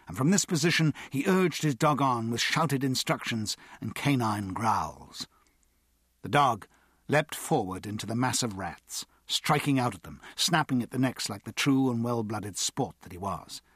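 A man narrates a story as an audiobook with dramatic storytelling. His voice is slightly husky, and his pitch rises and falls in a lively way. The sound is dry and close to the mic. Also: normal speed, no room sound.

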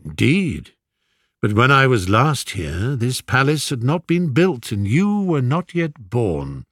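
A man reading aloud, voicing a courteous older king in a soft, measured, kindly voice. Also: medium pitch, big pitch swings, no room sound, studio quality, heavily acted. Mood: gentle.

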